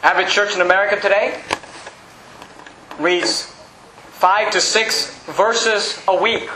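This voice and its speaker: A male pastor preaching an emphatic, shouting sermon in a church. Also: sits high, slow pace, reverberant, a little hiss or hum, rough recording. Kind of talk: fiery sermon.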